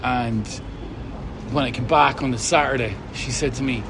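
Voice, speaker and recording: A man's voice: mid-range voice, steady tone, normal speed, creaky. Tipsy, jokey Irish man. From Ireland. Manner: jokey storyteller, swears freely. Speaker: interviewee, fan. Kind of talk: casual chat. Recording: noisy street recording.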